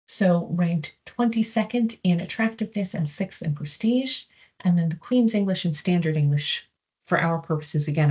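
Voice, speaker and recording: Husky low-voiced woman lecturing. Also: a little mellow. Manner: measured, explanatory, with frequent "um" fillers. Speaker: psychology professor giving a research talk. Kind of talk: academic presentation.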